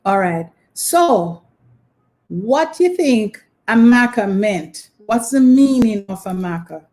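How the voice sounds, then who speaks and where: A woman's voice: fairly high pitch, lively intonation, takes it slowly, dark tone. A woman hosting a live online trivia quiz, patiently repeating her questions and prompting viewers. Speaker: quiz host.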